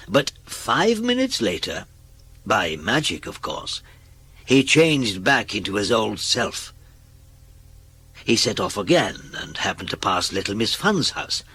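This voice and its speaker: A man reading a children's storybook aloud in an expressive read-aloud manner. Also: medium pitch, measured pace, slightly rough. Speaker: narrator.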